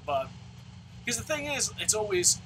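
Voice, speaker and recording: A man ranting profanely as he plays a baseball video game, with loud outbursts. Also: high voice, very animated, normal speed, breathy edge, low-quality recording. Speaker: let's play host. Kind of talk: profane gaming commentary rant.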